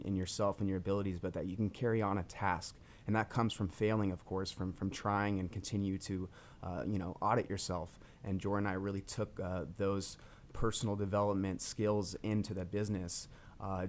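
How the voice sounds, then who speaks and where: A man in his thirties speaking haltingly in a casual interview, with many pauses and restarts. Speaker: co-founder. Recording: faint low rumble.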